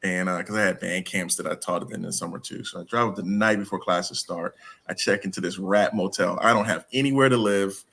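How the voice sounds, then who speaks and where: A man telling stories as an interview guest in a casual, animated way, acting out the dialogue. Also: deep voice, fast talker, vocal fry. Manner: animated, acts out dialogue with laughs. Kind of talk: casual storytelling.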